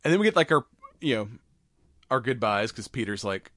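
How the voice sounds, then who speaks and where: A man's voice: medium pitch, big pitch swings, a little fast, a bit bright, no room sound. A young man hosts a casual podcast and rambles through plot recaps, cursing freely and acting out the characters' lines. His voice sits in a middling range. The recording is close and dry. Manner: rambling recaps full of swearing and acted-out quotes. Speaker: podcast host. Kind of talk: casual chat.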